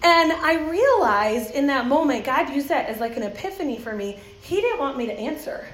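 Woman, high voice, church speaker, lively storytelling, laughs a lot, roomy echo, faint background hum. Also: moderate pace. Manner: lively, laughs often, acts out voices in quotes. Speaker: children's ministry speaker. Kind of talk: talk to a church audience, with anecdotes. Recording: roomy echoey hall sound.

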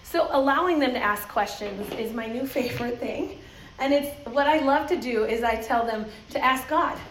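High-voiced woman speaking in a roomy hall. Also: moderate pace, slight background noise. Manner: lively, laughs often, acts out voices in quotes. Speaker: children's ministry speaker. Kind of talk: talk to a church audience, with anecdotes. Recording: roomy echoey hall sound.

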